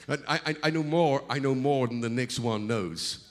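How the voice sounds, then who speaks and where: A middle-aged man from South Africa preaching a sermon as a visiting preacher, animated, repeating words and swelling into shouts. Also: mid-range voice, a little fast, few pauses.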